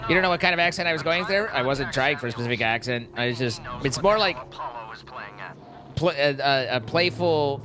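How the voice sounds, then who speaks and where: A man with a mid-range voice streams a game, speaking briskly and chatting casually with viewers as he reacts to the gameplay. Crowd noise and game music can be heard in the background.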